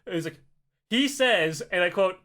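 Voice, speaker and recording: Man, high-pitched, bright tone, casual comedic storytelling, frequent swearing, acts out voices. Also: expressive, moderate pace. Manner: swears often, acts out voices, laughs mid-sentence. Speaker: podcast host telling a story.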